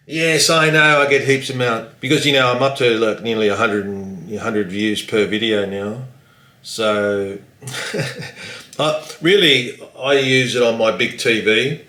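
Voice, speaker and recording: A man's voice: fairly low pitch, a bit bright. Man, casual vlog chat, rambling, self-deprecating, roomy home room. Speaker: vlogger.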